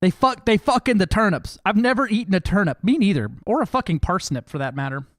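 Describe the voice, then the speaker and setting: An American man chatting on a live game stream, joking with his viewers in loud, profane banter. His voice sits high for a man. The sound is dry and close to the mic. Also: lively intonation, fast, no room sound. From United States. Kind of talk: casual live-stream chat.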